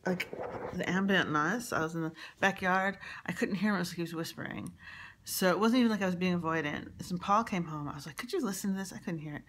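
A woman's voice: on the low side, a bit bright. A woman telling a rambling personal story, exasperated and swearing, with frequent restarts. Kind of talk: casual personal monologue.

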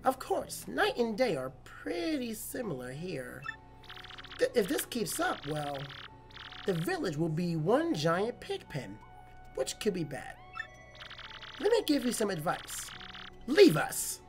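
A woman's voice: mid-range voice, wildly swooping pitch, slow pace, pauses often, over music, full character voice. A woman reading the lines of a worried old male village mayor aloud from a video game. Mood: fretful.

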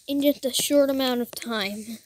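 A young gamer giving rambling let's-play commentary who often restarts sentences and breaks into excited bursts. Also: sits high, moderate pace. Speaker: gamer narrating his own play.

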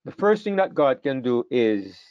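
A man's voice: mid-range voice, big pitch swings, moderate pace, smooth, no echo, muffled recording. An older man teaches a Bible class in an earnest way, often repeating words as he thinks.

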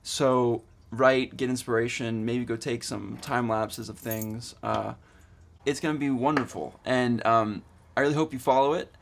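A man's voice: mid-range voice, steady tone, measured pace, vocal fry. Eager, rambling young man vlogging. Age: 20s. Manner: rambling, eager, lots of fillers and restarts. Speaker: student vlogger. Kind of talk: casual vlog.

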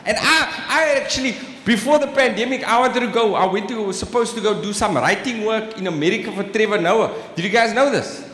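On stage in a big exhibition hall, a South African comic from Cape Town chats through his live set, peppering it with "right?" and "bruh." He talks a little fast in a high, slightly bright voice, barely pausing, and there's a bit of hiss or hum. The hall sounds echoey, with faint ambience behind him.

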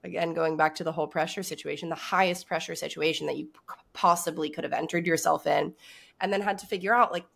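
A woman's voice: low-pitched, fairly even intonation, fast, creaky. A woman hosting a podcast, talking in a reflective and encouraging way. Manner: warm, encouraging, reflective talk. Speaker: podcast host. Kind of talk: casual podcast interview.

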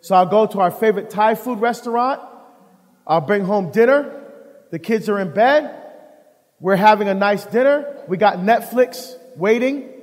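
High-voiced man telling stories in a hall. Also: moderate pace. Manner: animated storyteller who acts out dialogue. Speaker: deacon giving a talk on marriage. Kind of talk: live presentation to an audience. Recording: long hall reverb.

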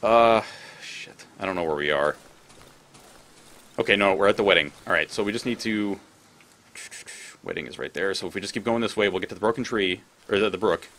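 A man's voice: fairly low pitch, brisk, long pauses, fairly bright tone. A man commentating his gameplay, rambling, thinking aloud and swearing freely. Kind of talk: let's play commentary.

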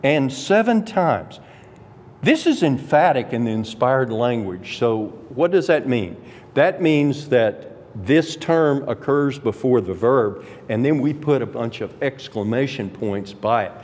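A man's voice: mid-range voice, lively intonation, darkish tone. A man teaching Scripture in a sermon, explaining a passage point by point with emphatic rises. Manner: deliberate expository preaching with emphatic rises. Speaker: Bible teacher. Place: church sanctuary. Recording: long church hall reverb.

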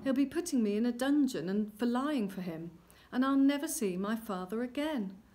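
A woman voicing a gentle young weaver's daughter who speaks in a plaintive, anxious way. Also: a little high, animated, moderate pace.

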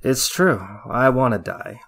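A man's voice: medium pitch, lively intonation, measured pace, gravelly, fairly bright tone, full character voice. A man voicing a tired male army veteran who speaks bluntly and insistently.

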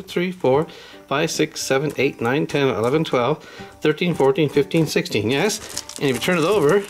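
Animated man reading a storybook aloud. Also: mid-range voice. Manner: chatty, animated, comments to young viewers. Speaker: channel host. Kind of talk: casual toy unboxing and storybook read-aloud.

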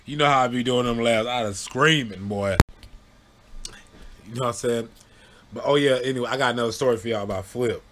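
Guy telling stories off the cuff, lively, yelps when he quotes folks. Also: brisk, long pauses, noisy background. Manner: animated, acts out quotes with loud high yelps. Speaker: storyteller. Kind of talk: casual storytelling to camera.

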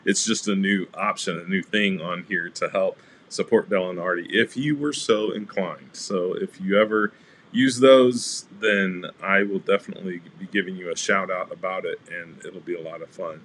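Chatty deep-voiced man hosting a craft livestream. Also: normal speed, a little hiss or hum. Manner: chatty, greets live chat viewers by name; relaxed, rambling with fillers. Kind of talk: casual craft demo livestream.

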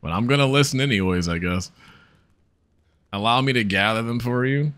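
A man's voice: medium pitch, moderate pace, fairly bright tone, clean tone, dry recording. A man giving casual, profane commentary as he plays a game, joking and laughing and talking straight to his viewers. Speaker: gaming video creator.

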